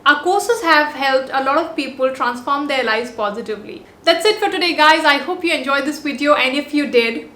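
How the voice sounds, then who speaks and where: A woman's voice: sits high, moderate pace, hardly any pauses, bright, forceful tone. A woman hosting a body language vlog, giving upbeat, emphatic scripted advice point by point. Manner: upbeat, emphatic list delivery. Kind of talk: scripted talking-head advice. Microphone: compact on-camera mic. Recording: roomy echo.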